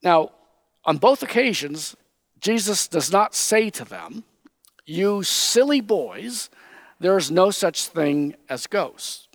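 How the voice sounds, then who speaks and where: A man preaching a sermon, teaching slowly and with emphasis, raising his voice when he quotes. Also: sits high, very animated, no room sound. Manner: slow, emphatic Bible teaching, quoting figures in raised voice.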